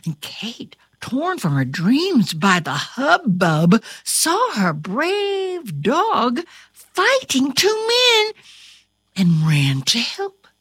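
A woman reading a storybook aloud and talking straight to her listeners, with a highly expressive, dramatic delivery. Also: extremely slow, slightly rough, no room sound, studio quality.

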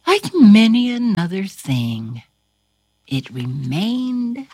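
Animated woman reading a storybook aloud. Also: fairly high pitch, takes it slowly, husky, dry recording. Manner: dramatic, swooping, whispers and cries for effect. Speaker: storybook reader. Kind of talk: expressive read-aloud storytelling.

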